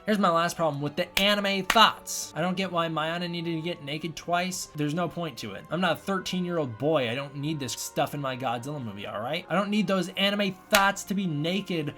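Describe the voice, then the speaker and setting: Guy rambling through a movie review, kinda high voice, trips over his words a lot. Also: normal speed, hardly any pauses, music in the background. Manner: rambling, repeats and restarts himself. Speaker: film reviewer. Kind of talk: casual spoken film review.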